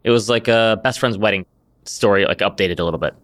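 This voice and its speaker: Quick, easygoing male podcast host. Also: fairly low pitch, a bit bright. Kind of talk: casual chat.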